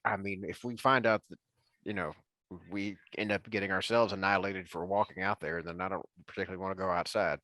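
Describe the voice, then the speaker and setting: A man's voice: sits low, steady tone, a little fast, bright, forceful tone, dry recording. A man playing a tabletop game, talking in a cautious, hedging, rambling way. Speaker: player. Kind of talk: tabletop role-play chat.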